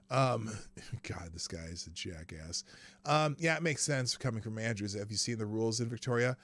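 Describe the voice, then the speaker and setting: A man's voice: lowish voice, normal speed, a bit bright. A man hosting a live news commentary stream, ranting sarcastically, swearing freely and laughing between sentences. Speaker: show host.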